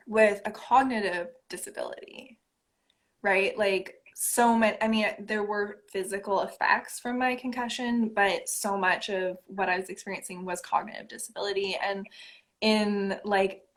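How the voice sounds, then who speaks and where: A woman poet talks through her ideas in a relaxed interview. She speaks reflectively, leaning on fillers like "um" and "like," and often breaks into a light laugh. Her pitch sits in an ordinary middle range. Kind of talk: casual conversational interview.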